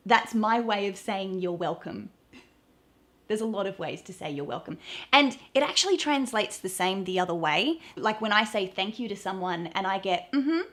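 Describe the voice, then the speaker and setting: A woman's voice: medium pitch, animated, moderate pace, a bit bright. Australian woman coaching slang, cheerful and playful. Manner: cheerful, playful, acts out example phrases. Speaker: accent coach. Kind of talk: explaining slang to camera.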